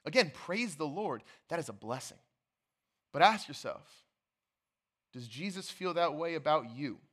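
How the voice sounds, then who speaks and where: Young male pastor, emphatic sermon delivery, bright tone. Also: on the high side, lively intonation, a little slow. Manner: earnest, emphatic, repeats phrases for stress.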